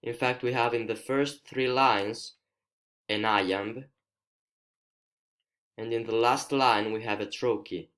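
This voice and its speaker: A male student with an Italian accent, a native Italian speaker, explaining a poem in a screencast lesson, careful and hesitant, pausing to find his words. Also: mid-range voice, fairly even intonation, a bit bright. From Italy.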